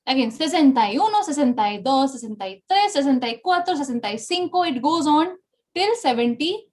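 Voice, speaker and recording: High-voiced Indian woman teaching Spanish. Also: animated, fairly quick, darkish tone. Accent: Indian English. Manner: encouraging, repeats and praises often. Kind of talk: online language class.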